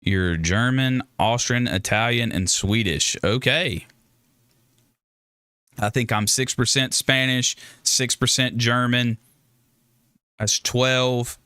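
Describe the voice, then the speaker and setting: A man hosts a casual livestream, chatting with viewers in a rambling, joking, self-interrupting way with frequent restarts. His mid-range voice is clear and resonant with a sharp edge, slow and paused often. The recording is dry and studio-clean.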